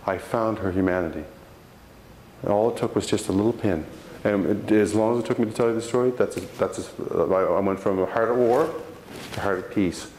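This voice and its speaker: A man with a fairly low voice gives a motivational talk to a live audience. He tells his story with lively energy, acts out the bits he quotes, and often restarts his sentences. The sound is roomy, with a faint hiss behind it. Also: brisk. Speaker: motivational speaker. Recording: roomy hall sound, faint background noise.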